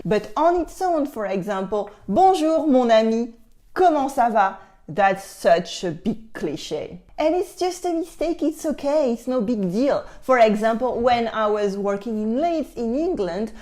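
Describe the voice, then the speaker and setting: French lady teaching french online, emphatic, kinda high voice. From France. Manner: lively, emphatic, explaining. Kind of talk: online language lesson.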